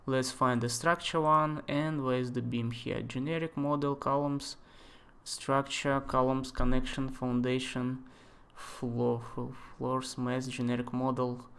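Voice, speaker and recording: A man in his twenties, not a native English speaker, thinking aloud and chatting with viewers during a live software tutorial. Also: medium pitch, flat delivery, takes it slowly, gravelly. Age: 20s. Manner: thinks aloud, chatty asides, answers chat questions. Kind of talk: live screen-share tutorial.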